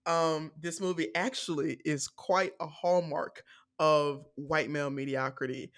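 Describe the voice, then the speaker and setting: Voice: medium pitch, steady tone, measured pace, a bit bright. A podcast co-host talking casually and candidly about a film, with many fillers and laughs. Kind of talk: casual film review chat.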